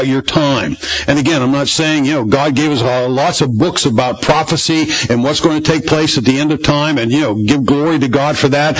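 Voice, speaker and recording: A man's voice: fairly high pitch, a bit bright, husky, poor audio. A pastor preaching a conversational Bible-study sermon in a folksy way, often asking his congregation questions.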